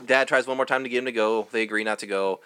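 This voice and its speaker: Dude telling the movie plot, dry jokes, kinda bright voice. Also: male voice, mid-range voice, steady tone, fast talker, clear, resonant tone, dry recording. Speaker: podcast co-host. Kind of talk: casual comedic movie recap.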